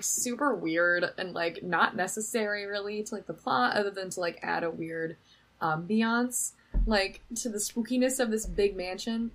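A young woman co-hosts a podcast, chatting casually as she gives a lively recap of a film and says "like" constantly. Her voice is medium in pitch, and the recording quality is low.

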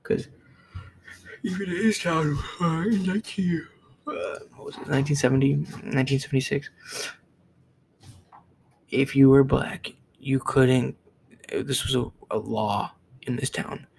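Very gravelly young man ranting. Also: medium pitch, unhurried, pauses often, darkish tone, slight background noise, poor audio. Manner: blunt, profane, repeats himself. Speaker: vlogger. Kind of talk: heated opinion rant.

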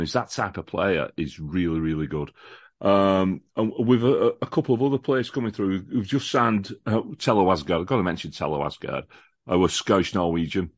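A man's voice: low-pitched, dry recording, clean studio sound. A man talking as a podcast guest, giving a chatty, enthusiastic football preview with many restarts and repeated words. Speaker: podcast guest, lifelong fan of the visiting football club. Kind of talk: casual chat, football preview.

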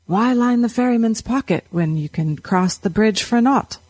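A woman's voice: a little high, animated, moderate pace, darkish tone, no echo. A woman voicing a plump, jovial, stubborn middle-aged wheelwright with folksy, old-fashioned rural speech. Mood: genial.

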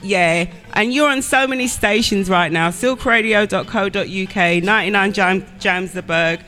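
A woman's voice: mid-range voice, moderate pace, sharp tone. A woman with an English accent hosting a radio interview, chatty, often saying "you know what I'm saying". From England. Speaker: radio host.

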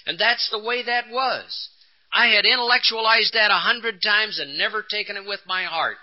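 On a dull, lo-fi 1980s conference tape, an older man from Texas, USA tells his recovery story in a conference hall. He is earnest and emotional, acts out the dialogue, and speaks at normal speed in a voice that sits high.

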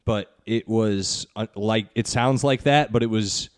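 A man's voice: on the low side, measured pace. A man from Indiana, a guest on a podcast, talking in an easygoing way and laughing often. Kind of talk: casual chat.

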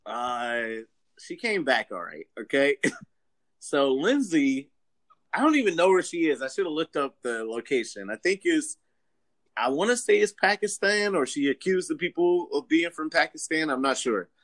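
A male podcast co-host with a slightly raised voice that leaps around in pitch. He tells stories in a loose, chatty way and keeps breaking into laughter. The feel is casual banter between friends. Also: normal speed, no room sound, clean studio sound. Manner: animated, laughs often while telling a story. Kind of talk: casual chat, storytelling.

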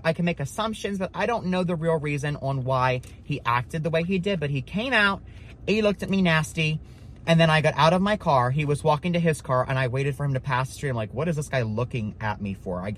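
A man's voice: a little high, fairly bright tone. A man leading a Bible study as a preacher, telling a loose, rambling story full of "like" and "you know.". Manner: rambling, filler-heavy, with many "like" and "you know".

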